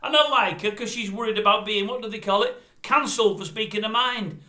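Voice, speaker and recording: A man's voice: sits high, a little fast, sharp tone. An older man delivering a blunt, grumbling, rambling opinion monologue to camera. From Britain. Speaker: vlogger. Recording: roomy echo.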